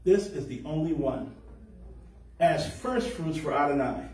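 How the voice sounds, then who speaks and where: A man giving a sermon on scripture, explaining verses and slowing down to stress key words. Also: fairly high pitch, lively intonation, darkish tone. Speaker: congregation teacher. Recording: echoey room, voice from far off.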